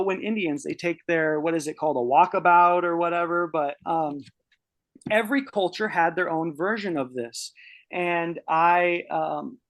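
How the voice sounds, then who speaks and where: A man in his early thirties telling a personal story on a podcast, casual and rambling, swearing freely with many restarts. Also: a little high. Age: 30s. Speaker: podcast guest.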